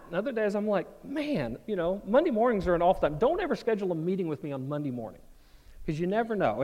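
A man preaching a sermon as pastor, conversational and animated, slipping into quoted voices. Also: high-pitched. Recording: long reverb of a large hall.

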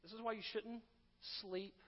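A pastor preaching a sermon in a conversational way, with asides, restarts and humor. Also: male voice, sits high, steady tone, normal speed, long reverb tail, highs cut off.

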